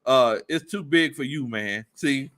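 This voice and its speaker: A man hosting a casual sports livestream, reading viewer comments aloud and breaking into loud laughter. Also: mid-range voice, measured pace. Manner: laughs often, loud animated outbursts. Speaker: sports stream host.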